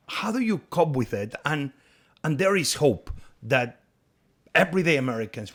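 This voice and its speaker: A man in his fifties with a Spanish accent, hosting a podcast and asking questions haltingly, searching for words. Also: medium pitch, a bit bright. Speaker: podcast host. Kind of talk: interview questions.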